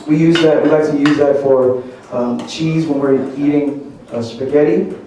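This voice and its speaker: A man's voice: a little high, steady tone, normal speed, noisy background. A man giving a live cooking demonstration, chatty and joking as he quizzes his audience. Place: large echoey church hall. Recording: very echoey hall, mic at a distance.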